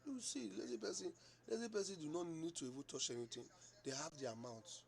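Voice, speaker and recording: A man teaching a Bible study in an animated, repetitive way, acting out little dialogues. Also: a little high, a little fast, gravelly.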